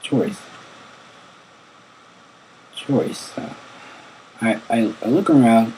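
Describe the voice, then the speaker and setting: A man's voice: medium pitch, very slow, mellow, slight background noise, rough recording. A man reading a fan interview aloud, stumbling and repeating words as he goes. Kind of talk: halting read-aloud narration.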